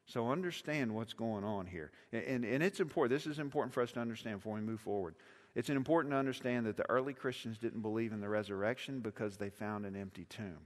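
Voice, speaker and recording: A man's voice: fairly low pitch, quick pace. A middle-aged man, preaching a sermon in a casual, conversational way and repeating phrases for emphasis. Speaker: pastor. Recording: long reverb of a large hall.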